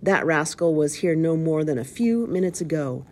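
A woman's voice: sits low, expressive, moderate pace, darkish tone. A woman voicing a vicious blind old male pirate who barks menacing orders in a shrieking voice. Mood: desperate.

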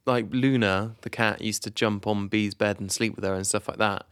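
A man co-hosting a podcast in relaxed casual chat, laughing easily. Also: on the low side, normal speed, smooth, no room sound, clean studio sound. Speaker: podcast co-host.

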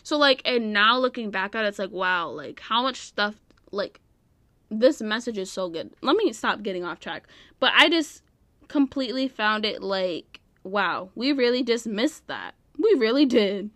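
A woman's voice: medium pitch, animated, unhurried, sharp tone, no echo. A young woman hosting a casual solo podcast, rambling and giggling, full of fillers. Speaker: podcast host.

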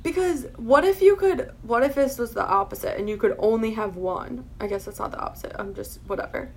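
A woman's voice: fairly high pitch, fairly quick, darkish tone, slight background noise. A young woman with a Rochester accent, teasing her friends and laughing in a casual chat. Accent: Rochester, New York. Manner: playful, teasing, laughs often.

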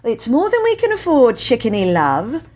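A woman's voice: lowish voice, sing-song, measured pace. A woman voicing a cheerful, busy mother who turns her children down fondly, using pet names. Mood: cheerfully firm.

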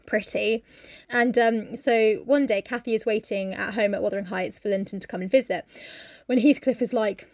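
A woman casually retelling a story, chatty and swearing, slipping into quick character voices. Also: mid-range voice, fairly even intonation, darkish tone. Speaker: podcast co-host retelling a novel. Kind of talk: casual chat.

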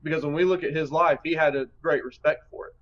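A man's voice: a little high, steady tone, fast, a bit bright. A man on a Bible study panel answering thoughtfully and often restarting his phrases. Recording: slightly dull, lo-fi audio.

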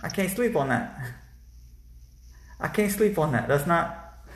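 A man telling a personal story casually, animated and halting, with many restarts. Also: fairly high pitch, reverberant.

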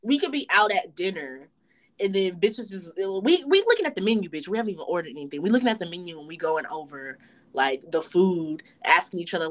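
A woman's voice: lowish voice, animated, brisk. Blunt, profane young woman co-host. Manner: acts out friends' lines in quotes. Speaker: podcast co-host. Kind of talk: casual podcast chat.

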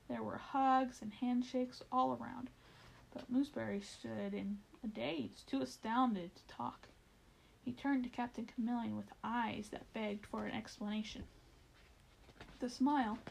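Gravelly woman reading a children's story. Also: fairly high pitch, poor audio. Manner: expressive, speaks to the listener.

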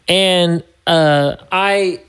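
A man's voice: high voice, steady tone, very slow, fairly bright tone, clear, resonant tone. A man, a podcast guest, telling his story in casual conversation, laughing often and putting on voices for other people.

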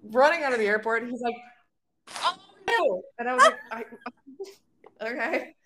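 A woman's voice: fairly high pitch, brisk, very noisy. A young Canadian woman co-hosting a podcast, telling frank, profane stories in casual chat. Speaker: podcast co-host.

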